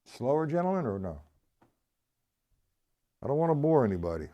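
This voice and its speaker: The audio is dull as a man teaches drums on a live stream, his mid-range voice sing-song and his speed normal. He chats casually, restates what he says, and checks on his audience, recorded via the camera mic on the stream.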